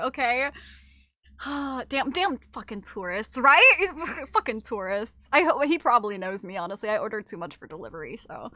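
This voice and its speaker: A woman's voice: sits high, pushed and bright, no echo, clean studio sound. A young woman streaming a video game, chatting casually to her viewers, giggly and self-mocking, swearing freely. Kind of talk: casual gaming stream chat.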